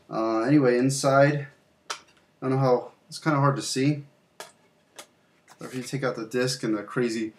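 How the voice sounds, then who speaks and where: A young man hosting a casual video, showing off games from his collection in a loose, rambling way with fillers and some mild swearing. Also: medium pitch. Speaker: channel host. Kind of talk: casual game collection show-and-tell.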